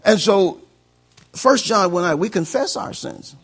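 A man preaching a sermon as pastor, animated and acting out conversations. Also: sits high, moderate pace, breathy edge.

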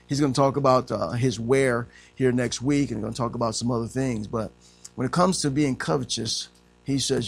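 A man preaching a sermon as pastor, animated and swinging from loud to hushed. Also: medium pitch, normal speed, creaky.

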